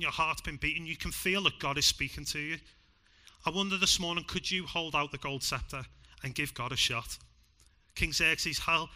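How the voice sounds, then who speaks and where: A Liverpool-accented man delivers a sermon to a church congregation. His voice is strikingly bright and sits a little high. He pushes hard on key lines, then drops to a near hush. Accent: Liverpool (Scouse). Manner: emphatic, swings from loud to hushed. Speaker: preacher.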